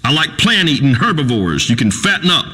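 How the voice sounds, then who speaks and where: Loudmouth redneck radio host, bright lively voice, pompous and crude. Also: male voice, mid-range voice, a little fast, big-room sound. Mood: boastful. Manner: pompous, blustering, folksy grammar. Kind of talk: comedic radio talk show acting.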